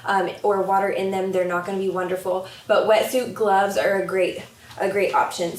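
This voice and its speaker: Young woman as paddleboard instructor, chatty and friendly, mid-pitch, recorded from afar with an echo. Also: flat delivery, normal speed, slight background noise. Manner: friendly, chatty explaining with frequent ums. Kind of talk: casual instructional video. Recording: echoey, distant from the camera mic.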